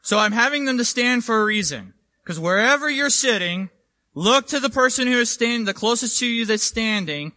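A man's voice: extremely high pitch, lively intonation, moderate pace, sharp tone, no room sound. A man preaching a sermon in a church, conversational and emphatic, often checking in with the congregation. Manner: conversational and emphatic, asks "right?".

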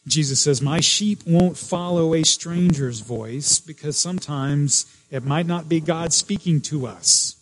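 Male pastor, slightly high pitch, earnest sermon delivery with repeats and restarts. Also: unhurried, few pauses, low-quality recording. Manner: earnest, repeats key phrases, frequent restarts.

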